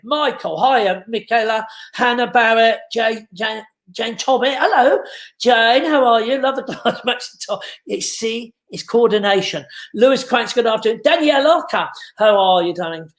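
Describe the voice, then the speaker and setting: Man, high-pitched, chatty live-stream host, echoey home room. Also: expressive, normal speed, fairly bright tone. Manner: chatty, jokey, laughs often, greets viewers as darling. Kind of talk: casual live-stream chat reading out viewer comments.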